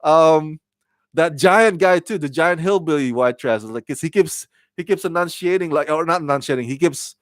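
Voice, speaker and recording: A man's voice: a little high, fairly quick, hardly any pauses, no room sound. A man giving a casual spoken TV review, rambling and repeating words as he thinks aloud. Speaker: TV show reviewer.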